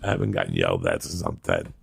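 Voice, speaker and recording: Gravelly, husky man in his fifties. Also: rumbling low, big pitch swings, fast, no echo. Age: 50s. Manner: rambling, profane, laughing storyteller. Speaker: podcast host. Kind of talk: casual storytelling chat.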